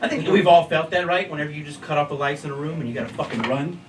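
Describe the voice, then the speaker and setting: A young man doing stand-up on a comedy club stage, loud and animated, swearing often and jumping into high excited yelps. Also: fast talker, far from the mic, background noise. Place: comedy club stage before a laughing crowd. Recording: roomy club sound with a roaring crowd.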